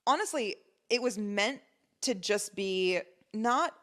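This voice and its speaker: A woman telling her story casually, animated and indignant. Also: medium pitch, slow.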